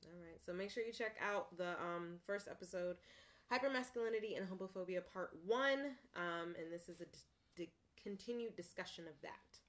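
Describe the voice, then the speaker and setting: A woman co-hosting a casual chat podcast, talkative and quick to jump in. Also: lowish voice. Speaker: podcast co-host.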